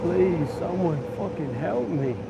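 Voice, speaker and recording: A man puts on a drunk, belligerent bloke, who swears and makes slurred, rambling threats. He drags each phrase out slowly in a slightly raised voice. The street behind him is loud with traffic. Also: sits high, expressive, creaky, full character voice. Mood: frustrated. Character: drunk, foul-mouthed, belligerent Australian bloke. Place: street outdoors. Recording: outdoor street traffic noise.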